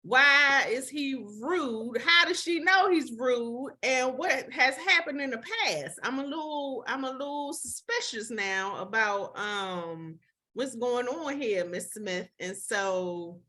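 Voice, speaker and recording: Female panelist, unhurried and questioning, bright high voice. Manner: hesitant, questioning. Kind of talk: casual chat.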